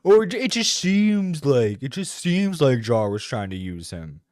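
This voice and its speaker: A man's voice: medium pitch, big pitch swings, a little slow, hardly any pauses, darkish tone, no echo, clean studio sound. A man streaming a reaction to a video, swearing and exasperated, stumbling over his words. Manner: profane, exasperated, stammering. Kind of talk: reaction commentary. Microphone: close streaming mic.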